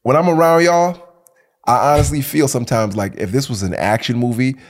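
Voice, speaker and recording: A man's voice: mid-range voice, a little fast. A young man from Detroit co-hosting a casual podcast, playful and boastful as he teases his friends. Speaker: podcast co-host. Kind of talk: casual banter.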